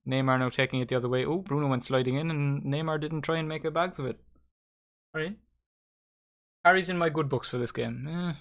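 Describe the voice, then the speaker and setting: A young man giving excitable, sweary live commentary while hosting a football watchalong. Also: fairly high pitch, a little fast, long pauses. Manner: excitable, swearing, addresses viewers as lads. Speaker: watchalong host.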